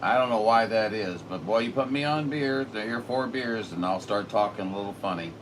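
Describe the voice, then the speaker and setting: A man's voice: lowish voice, a little fast. A man chatting casually as a radio operator, rambling and folksy with lots of fillers. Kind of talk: casual chat. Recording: distant mic with noisy room.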